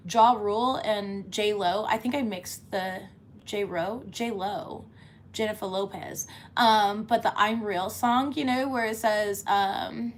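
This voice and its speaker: A woman's voice: medium pitch, fairly even intonation, slow pace, a little hiss or hum. A woman giving a casual tarot reading, chatty and laughing often, cussing freely as she talks. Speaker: tarot reader.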